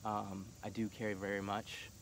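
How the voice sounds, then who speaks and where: A man's voice: fairly low pitch, flat delivery, a little slow, creaky, noisy background. A middle-aged man talking casually and passionately, full of fillers. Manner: passionate, rising to heated shouting; casual, filler-heavy talk. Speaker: vlogger. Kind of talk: casual monologue on politics.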